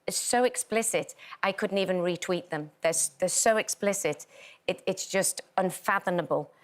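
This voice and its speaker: A woman's voice: fairly low pitch, normal speed. A woman in her sixties talking earnestly and in detail as a studio guest, explaining her view at length. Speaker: guest, dance show judge. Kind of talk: casual studio chat.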